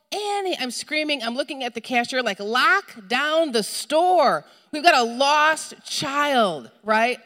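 A middle-aged woman preaching a sermon, telling a story with lively, acted-out moments and calls to the congregation. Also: on the high side. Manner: animated storytelling, acts out shouting for a lost child. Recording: long hall reverb.

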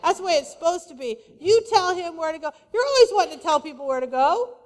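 A woman pastor preaching a sermon, lively and conversational, with playful asides to the congregation. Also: extremely high pitch, fast talker. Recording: long hall reverb.

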